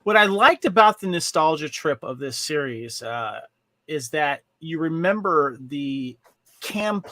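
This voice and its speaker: Bright, dry-voiced man chatting enthusiastically. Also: on the high side, animated, unhurried, no echo. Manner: rambling and enthusiastic, full of restarts. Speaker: podcast co-host. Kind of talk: casual chat reviewing movies and shows.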